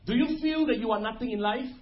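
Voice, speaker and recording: Male preacher, short punchy lines paced for an interpreter, a bit lo-fi. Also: very high voice. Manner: preaching in short phrases, pausing for translation. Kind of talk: sermon with interpreter.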